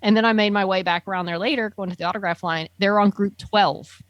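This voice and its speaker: A woman in casual chat, telling a long, enthusiastic story and padding it with fillers. Her voice sits in a middle pitch, recorded close and dry. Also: steady tone, quick pace, dry recording, highs cut off.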